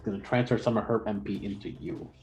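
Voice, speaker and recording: A man narrating as game master, relaxed and pausing often with fillers. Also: fairly low pitch, heavy background noise. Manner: relaxed, with frequent filler pauses.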